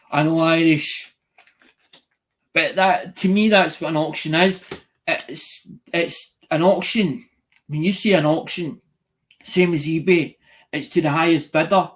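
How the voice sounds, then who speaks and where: A man's voice: on the high side, fairly even intonation, unhurried. A man chatting casually to viewers, rambling and restarting phrases, acting out what people say. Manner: rambling, repeats and restarts phrases, acts out quoted voices. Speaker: coin collecting YouTuber.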